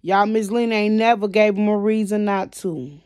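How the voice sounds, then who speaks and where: A woman's voice: medium pitch, normal speed, clear, resonant tone, no echo. Venting woman vlogger, dry close sound. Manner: emotional, repeats "y'all" constantly; swings between quiet and loud. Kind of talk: venting to camera.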